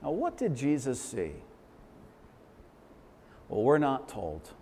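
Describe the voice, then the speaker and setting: A man preaching a sermon as pastor, fervent and emphatic, swinging from loud swells to hushed, quiet lines. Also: medium pitch, huge pitch swings, takes it slowly, gravelly, slight background noise. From Massachusetts, USA. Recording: long reverberant hall echo.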